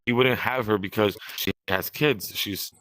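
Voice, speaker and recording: A man's voice: lowish voice, measured pace, a bit bright, no room sound. A young man from California co-hosting a podcast, rambling in casual chat, swearing freely and often restarting his sentences. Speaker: podcast co-host.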